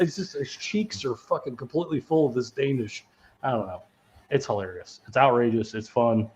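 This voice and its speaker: On a podcast recorded with dull lo-fi sound, a man with a medium-pitched, slightly mellow voice talks at a normal pace. His movie chat is relaxed and rambling, full of laughter and free swearing.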